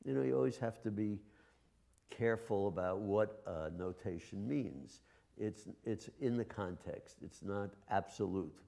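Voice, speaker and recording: Gravelly low-voiced man coaching musicians. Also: dark tone. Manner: sings musical phrases with nonsense syllables; halting, with frequent filler sounds. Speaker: master class teacher. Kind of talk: coaching a chamber ensemble. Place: live master class in a studio.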